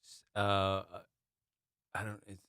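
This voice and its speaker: A man's voice: fairly low pitch, completely flat delivery, slow, sharp tone, clear, resonant tone, no room sound, studio quality. A man co-hosting a podcast in laid-back, hesitant casual banter. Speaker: podcast co-host.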